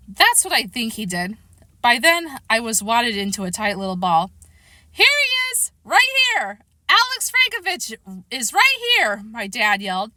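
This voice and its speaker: A woman reading a children's novel aloud in lively, expressive first-person narration, close to the mic. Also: on the high side, no echo. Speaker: storybook reader.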